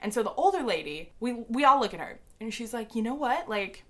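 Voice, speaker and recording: Young woman, bright crisp voice, casual storytime vlog, excitable and rambling. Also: a little high, brisk, few pauses. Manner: excited rambling with many fillers. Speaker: vlogger.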